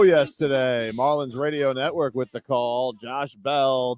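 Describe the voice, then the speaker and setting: Dry, teasing sports radio host. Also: male voice, mid-range voice, fairly even intonation, measured pace, a little mellow, faint music behind. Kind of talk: casual sports radio chat. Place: radio studio.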